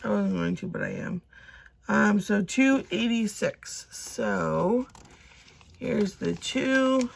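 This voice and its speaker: A young woman chatting casually as she counts and sorts cash, talking to herself now and then and dropping into soft whispers. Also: medium pitch, sing-song, slow pace, gravelly. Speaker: budgeting vlogger.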